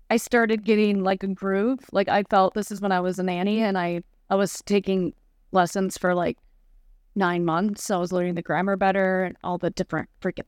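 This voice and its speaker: A woman's voice: fairly low pitch, no room sound, studio quality. A woman from Chicago chatting as a podcast guest, full of "like" fillers and acted-out quotes. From Chicago, USA. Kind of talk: casual chat.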